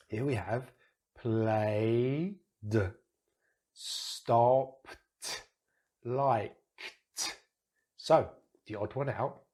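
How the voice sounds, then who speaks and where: A British man teaches pronunciation into a close microphone. He repeats example words slowly, exaggerating each sound. His pitch sits in a middle range for a man. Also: darkish tone. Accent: British English.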